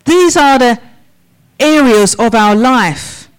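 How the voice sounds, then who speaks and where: A woman's voice: a little high, lively intonation, smooth, poor audio. A woman preaching a sermon in church, asking the congregation a run of questions. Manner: slow, measured questions to the congregation.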